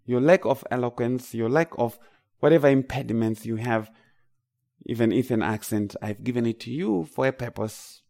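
A man's voice: medium pitch, moderate pace, vocal fry, mellow. A man with a Zimbabwean accent, from Zimbabwe, preaching a sermon with emphatic, rising declarations.

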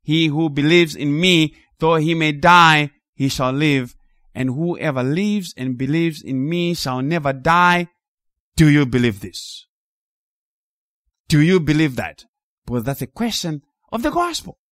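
A man preaching a sermon in an animated, emphatic way, rising to loud peaks and dropping low. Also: measured pace, no echo, studio quality.

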